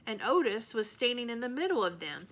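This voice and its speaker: Woman reader, bright tone, children's novel read aloud, light character voices. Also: on the high side, big pitch swings, a little fast.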